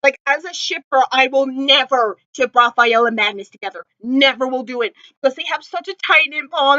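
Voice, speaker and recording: A woman's voice: sits high, moderate pace, hardly any pauses, pushed and bright, no room sound. A woman vlogger recapping a TV episode in casual chat, gushing and emotional, with lots of fillers. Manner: gushing, emotional fan talk with many fillers; close to tears at times. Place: indoors at home. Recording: dry, slightly dull home recording.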